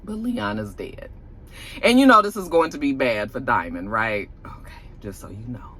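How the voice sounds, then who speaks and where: Woman, TV recap, lively pitch, bright tone, sassy. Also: moderate pace, slightly rough. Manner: animated, sassy, acts out the characters. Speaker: TV show reviewer. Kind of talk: casual episode recap.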